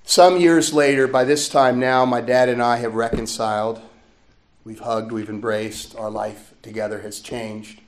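A middle-aged man, a priest, preaching a sermon as he tells a personal story, gently and with frequent laughter. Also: medium pitch, fairly even intonation, unhurried, reverberant. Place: church.

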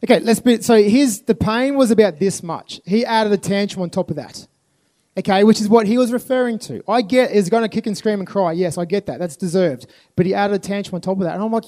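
Speaking briskly in a high, dark-toned voice, a man addresses a youth festival crowd at a live venue. His motivational talk is earnest, and he leans on repeated phrases to drive points home.

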